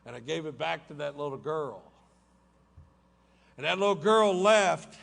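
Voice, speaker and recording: A man's voice: on the high side, creaky. A middle-aged man, telling his story to a recovery meeting in folksy style with laughing asides, in a hotel conference room. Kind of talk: personal testimony talk.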